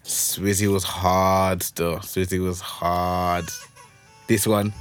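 A man's voice: deep voice, flat delivery, slow pace, clean tone. A young man with a Wolverhampton accent, chatting casually on a podcast in a laid-back, drawling way. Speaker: podcast host. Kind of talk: casual chat.

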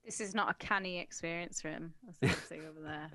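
A woman's voice: lowish voice, steady tone, a little fast, sharp tone. A woman co-hosting a casual podcast chat, teasing and laughing often. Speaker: co-host.

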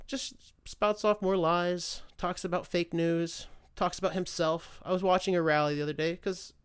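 A man's voice: high-pitched, smooth. A man hosting a podcast, talking in a casual, profane and sarcastic rant that rambles and often restarts mid-thought. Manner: loses his train of thought, restarts often. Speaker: podcast host. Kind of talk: casual solo political rant.

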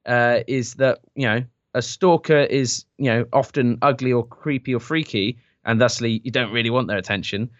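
A man's voice: medium pitch, moderate pace, few pauses, dry recording. A man co-hosting a comedic call-in advice show, joking around. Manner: jokey, puts on silly voices and mock-romantic lines. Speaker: co-host. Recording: dull lo-fi sound.

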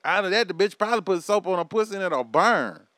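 A man with a high, smooth, resonant voice rants with heavy profanity and big swings in energy. The sound is dry and close, with no room around it. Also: fast talker, no room sound. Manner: loud, profane, animated ranting with laughs. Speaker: commentary vlogger. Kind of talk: profane rant to camera.

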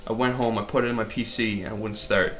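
A man telling a short anecdote in a deadpan way during a casual chat with friends. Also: on the low side, fast.

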